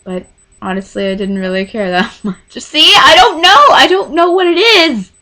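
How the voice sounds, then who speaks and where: A woman in her twenties telling a rambling, excitable storytime to camera in casual chat. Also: high voice, normal speed. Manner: rambling, excitable, gushing fan. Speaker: vlogger.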